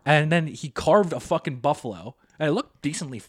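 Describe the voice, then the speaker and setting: A man's voice: a little high, animated, a little fast, husky, no room sound. A man, co-hosting a podcast and telling rambling, profane stories in casual chat. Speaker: podcast co-host.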